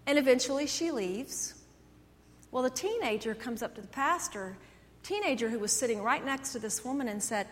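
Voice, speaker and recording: A woman pastor preaching a sermon in a church sanctuary, telling stories animatedly, swinging between loud and soft. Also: on the high side, expressive, moderate pace. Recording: echoey church hall.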